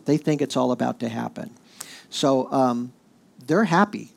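Gravelly-voiced pastor preaching conversationally. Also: male voice, medium pitch, a little slow. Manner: conversational, with fillers and animated quoting. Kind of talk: sermon.

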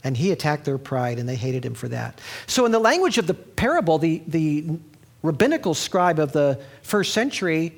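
Animated conversational male preacher. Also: moderate pace, creaky. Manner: conversational storytelling with restarts; animated, sweeping pitch. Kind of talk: sermon.

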